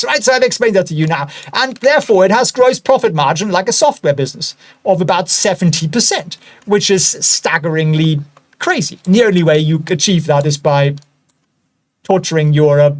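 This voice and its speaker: A man in his forties hosting a casual stock commentary, full of sardonic, joking asides. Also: fairly high pitch. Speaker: host.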